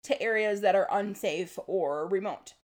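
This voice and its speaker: A woman's voice: mid-range voice, unhurried. A woman co-hosting a podcast, explaining history in a casual chat and laughing often. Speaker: podcast co-host.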